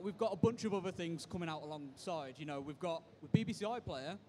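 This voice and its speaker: A man's voice: fairly high pitch, lively intonation, quick pace, a little hiss or hum. A young man hosting a convention panel in casual, upbeat, slangy banter, laughing often. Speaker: panel host. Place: convention hall panel stage.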